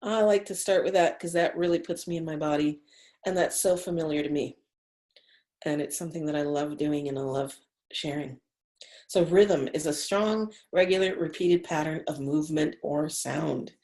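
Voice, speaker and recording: A woman leading an online class over a video call, gently guiding breathing and counting the breaths aloud in a soothing way. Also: low voice, moderate pace. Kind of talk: guided breathing and laughter class.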